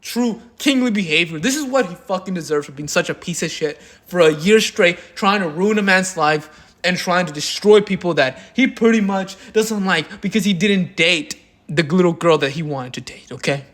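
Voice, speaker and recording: A man's voice: sits high, lively intonation, normal speed, a bit bright. A man doing drama commentary in a crude, mocking and heavily profane way. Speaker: commentary YouTuber.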